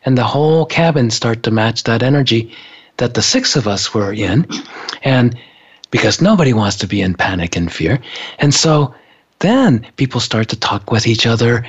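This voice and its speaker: A man telling a story in a relaxed, casual way, laughing often between thoughts. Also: mid-range voice, slightly rough. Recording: dull lo-fi sound.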